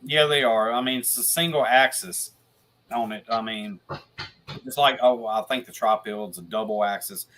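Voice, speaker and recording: Guest man, bright tone, loose rambling delivery, faint hiss on the line. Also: mid-range voice, moderate pace. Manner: rambling, restarts a lot, swears casually. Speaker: guest paranormal investigator. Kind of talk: casual video podcast chat.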